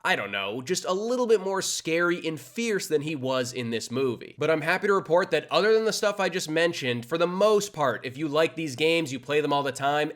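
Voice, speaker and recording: Candid, lively young male movie reviewer. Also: fairly high pitch. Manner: animated and candid, with playful jabs. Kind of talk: casual video review.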